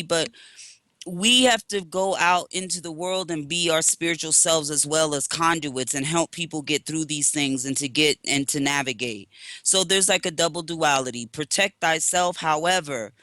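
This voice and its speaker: Brief: male co-host, bright, tense voice, dry close sound, preacher-like storyteller who talks to listeners as family. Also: fairly high pitch, normal speed, dry recording. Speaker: co-host, spiritual practitioner. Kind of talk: animated spiritual talk-radio storytelling.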